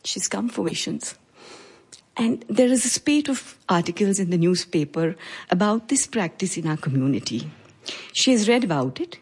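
A woman in her forties with an Indian English accent, telling a personal story in a measured, reflective way with pauses. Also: on the low side, lively intonation, darkish tone, slightly rough. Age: 40s.

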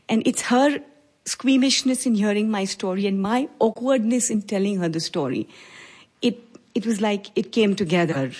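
Indian woman in her forties, breathy voice, personal storyteller with a measured, reflective delivery. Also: medium pitch, expressive, darkish tone. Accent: Indian English. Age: 40s.

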